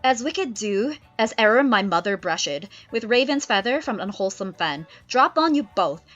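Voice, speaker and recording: A bitter male slave hurls curses in heated, raised verse, as a woman puts him on. The voice sits high and bright. It comes over a slightly dull lo-fi stream with faint music underneath. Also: expressive, moderate pace, close to an everyday voice.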